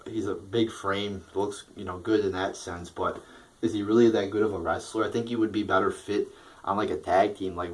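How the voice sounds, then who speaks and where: A man's voice: lowish voice, rough recording. A young man giving a casual, profane wrestling show review, rambling with fillers and restarts.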